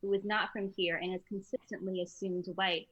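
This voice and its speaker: A woman speaking as a panelist in a casual live chat, relaxed and conversational. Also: mid-range voice, a little fast, muffled recording.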